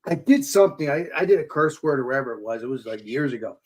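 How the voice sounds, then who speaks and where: A man in casual chat, recalling a memory haltingly and repeating words as he searches for them. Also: medium pitch, animated.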